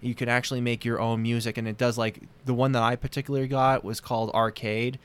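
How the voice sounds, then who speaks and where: Chatty podcast guy who rambles and fills with "like", mid-pitched voice. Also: flat delivery, fast, clear, resonant tone. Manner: rambling, many "like" fillers. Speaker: podcast co-host. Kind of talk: casual podcast chat.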